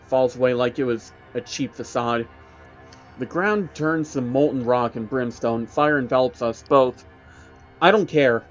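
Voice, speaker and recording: A man's voice: medium pitch, a bit bright. A man narrating a first-person horror story in a tense, dramatic storytelling voice. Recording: dull recording with background music.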